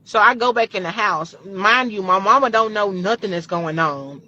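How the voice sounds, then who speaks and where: A woman vlogger casually retelling a personal story, animated and full of profanity. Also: mid-range voice, normal speed, lo-fi sound, slight background noise.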